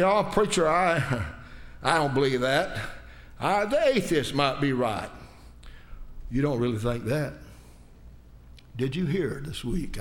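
American preacher guy in church, fired up then going quiet, mid-pitched voice. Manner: impassioned, swings from loud rising appeals to hushed low asides. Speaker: pastor. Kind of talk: sermon.

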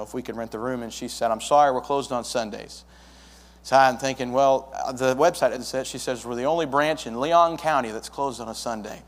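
A man's voice: mid-range voice, slight background noise. Man, young adult, church planter, folksy storytelling, long reverb in a church hall. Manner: folksy storytelling, acts out dialogue. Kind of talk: testimony to a congregation.

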